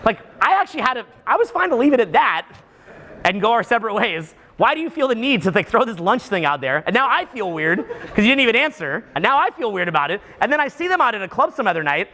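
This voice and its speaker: Seminar speaker, male, from Canada: high, lively pitch, acts out the people he describes. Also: quick pace. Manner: animated, acts out what people say, frequent restarts. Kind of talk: live seminar talk to an audience.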